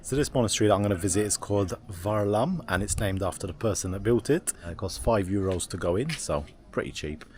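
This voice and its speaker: A man chatting to camera as a travel vlogger, with a lively, exclamatory and sometimes frustrated manner, recording in and around a camper van. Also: fairly low pitch, fast, few pauses. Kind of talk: casual vlog to camera. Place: camper van and outdoors at a rock site.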